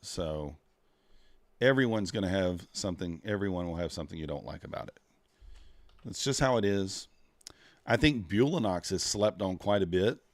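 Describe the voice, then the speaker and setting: A deep-voiced futures trader chats casually with his livestream viewers at a moderate pace, expressive and prone to long pauses. He rambles while trading and mutters as he searches through his software; the recording is close and dry without echo.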